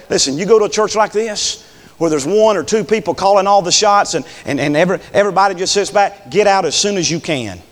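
A man preaching a fiery sermon, swinging between shouted peaks and quiet drops. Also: fairly high pitch. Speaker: pastor. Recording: long echo in a church hall.

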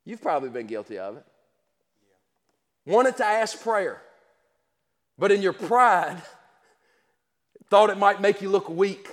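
A man's voice: high-pitched, lively intonation, slow pace, long pauses. A man preaching a sermon with passion, repeating words and restarting his sentences. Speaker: pastor. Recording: long hall reverb.

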